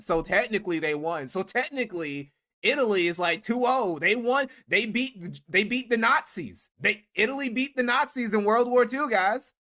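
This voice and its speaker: High, bright-voiced man ranting on stream. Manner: animated, sarcastic ranting. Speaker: stream host. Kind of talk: live stream commentary.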